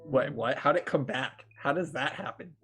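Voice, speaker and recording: A man's voice: medium pitch, moderate pace, fairly bright tone, soft background music. A man playing a tabletop game, firing off anxious questions in casual banter. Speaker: player.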